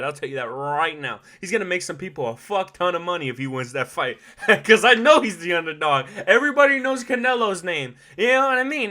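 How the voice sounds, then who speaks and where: Podcast host, male, high and very bright voice, profane, slangy, animated solo talk. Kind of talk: casual solo commentary.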